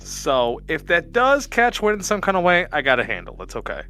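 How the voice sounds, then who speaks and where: A man's voice: on the high side, wildly swooping pitch, fairly quick, pushed and bright. A man playing a tabletop game, talking casually in character, reassuring and rambling with many fillers, over light background music. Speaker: player.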